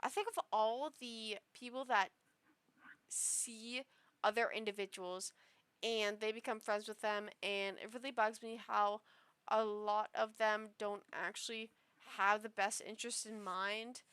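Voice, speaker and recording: A woman streamer, tipsy from two shots, gives casual reactions to online posts, rambling emotionally and restarting often. Her medium-pitched voice is smooth, fairly bright, fairly even in intonation, a little slow, and free of echo.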